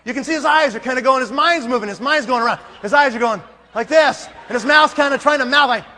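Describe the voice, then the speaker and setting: High bright-voiced man telling a story on stage. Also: quick pace, long reverb tail, slight background noise. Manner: animated, acts out scenes with sound effects. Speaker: conference speaker. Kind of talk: comic storytelling speech.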